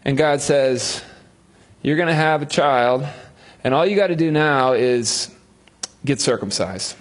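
A man's voice: medium pitch, measured pace. A male pastor preaching a sermon, telling a Bible story with humor and acting out the voices of its figures.

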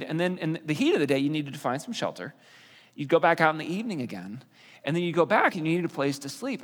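A man's voice: a little high, a bit bright. A man teaching a sermon in a conversational way, explaining with fillers and restarts. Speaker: pastor. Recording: long reverb of a hall.

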